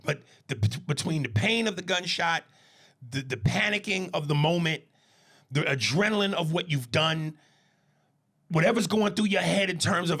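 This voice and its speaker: A man's voice: on the high side, expressive, moderate pace, a bit bright. A man co-hosting a podcast in casual chat, reflective, often answering with "right". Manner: frequent "right" agreements, reflective. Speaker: podcast co-host.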